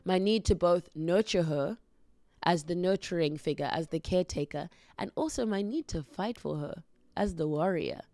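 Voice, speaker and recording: A woman hosting a podcast, speaking slowly and earnestly in a heartfelt, reflective monologue. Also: on the low side, no room sound. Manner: slow, earnest, gently encouraging. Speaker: podcast host.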